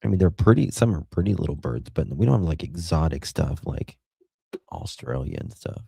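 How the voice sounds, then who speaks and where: A man's voice: extremely low pitch, very animated, moderate pace, gravelly, warm tone, slightly rough, dry recording. An American man hosting a livestream, chatting casually and affectionately with viewers, thanking them by name and laughing often. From United States. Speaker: livestream host. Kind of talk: casual chat reading viewer comments.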